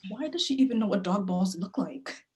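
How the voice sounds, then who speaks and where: A woman's voice: medium pitch, lively intonation, brisk, a little hiss or hum, lightly acted. A woman playing a defiant young woman grieving her mother, blunt and guarded, read over a video call. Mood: softening. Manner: guarded, blunt, sharp-tongued. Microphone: video call mic.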